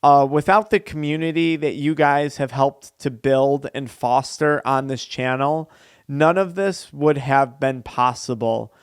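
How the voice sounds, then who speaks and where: Earnest man with a smooth, clear voice. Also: mid-range voice, a little slow, dry recording, studio quality. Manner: earnest, conversational. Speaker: addiction recovery coach. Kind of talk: personal storytelling vlog.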